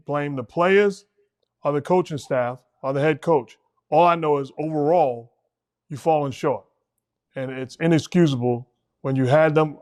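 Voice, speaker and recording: A middle-aged man hosting a casual basketball talk show, speaking emphatically and repeating words when he presses a point. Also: fairly high pitch. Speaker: host, former coach.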